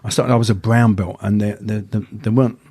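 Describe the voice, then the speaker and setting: Older man, dark mellow tone, dry sound, stammering storyteller, interview guest. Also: lowish voice, steady tone, fairly quick, husky, dry recording. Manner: stammers, repeating first sounds. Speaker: martial arts teacher, guest.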